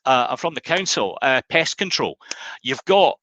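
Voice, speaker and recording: A man's voice: medium pitch, big pitch swings, moderate pace, fairly bright tone, lo-fi sound, a little hiss or hum, voice pushed up. Man doing a chirpy blagger. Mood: blagging. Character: cheeky naked lover posing as pest controller.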